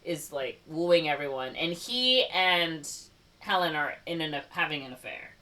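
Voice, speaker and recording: A woman co-hosting a podcast, telling a movie's plot in a loose, filler-heavy way with quick quoted voices. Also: low voice, animated, bright, forceful tone, recorded from a distance. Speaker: podcast co-host. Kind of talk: casual movie recap.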